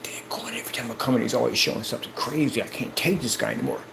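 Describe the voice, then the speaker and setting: A man's voice: mid-range voice, racing, gravelly, lightly acted, rough recording. A man putting on a jealous, grumbling online critic in a whispered role-play, muttering resentfully under his breath.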